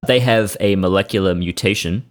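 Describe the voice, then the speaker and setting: A man's voice: sits low, normal speed. A man co-hosting a casual podcast, enthusiastically trading animal facts. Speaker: podcast co-host. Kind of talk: casual chat.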